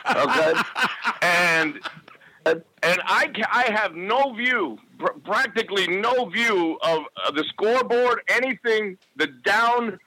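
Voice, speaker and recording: A man who is a sports announcer, a guest on a podcast, telling a lively anecdote in a casual interview. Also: high-pitched, slow, low-quality recording.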